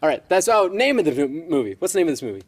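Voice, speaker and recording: A man hosting an improv pitch game, brisk and teasing, laughing often. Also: sing-song. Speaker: game show host. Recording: live audience crowd.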